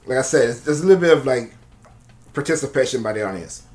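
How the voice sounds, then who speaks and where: A man's voice: medium pitch, lively intonation, quick pace, a little mellow. A man casually recapping a movie on a podcast, rambling, laughing often and swearing freely. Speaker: podcast co-host reviewing a movie. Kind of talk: casual chat.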